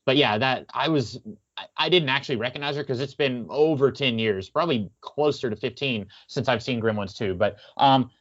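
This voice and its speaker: A man's voice: medium pitch, normal speed, a bit bright, dull audio. A man co-hosting a podcast, talking casually about a film with lots of fillers. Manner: chatty, many fillers, quotes lines in character. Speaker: podcast co-host.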